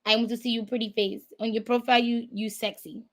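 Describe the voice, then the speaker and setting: A woman's voice: on the high side, quick pace, close to an everyday voice. A woman playing a pushy adult man who keeps repeating clumsy compliments on a dating app. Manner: repetitive, clumsy flattery.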